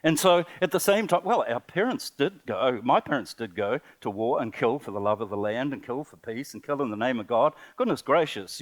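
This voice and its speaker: Older Kiwi man, mid-range voice, telling a heartfelt story at a seminar, halting and emotional. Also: mid-range voice. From New Zealand. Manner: emotional, halting, earnest, with rising bursts. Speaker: poet and sculptor giving a talk. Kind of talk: impassioned personal storytelling speech. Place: conference seminar venue.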